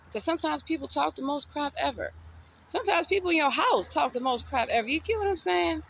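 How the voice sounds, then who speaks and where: A woman's voice: sits high, expressive, quick pace, gravelly, a bit bright, dull audio, slight background noise. A woman from the States, giving a sassy, defiant, preachy motivational monologue. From Southern United States. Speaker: vlogger.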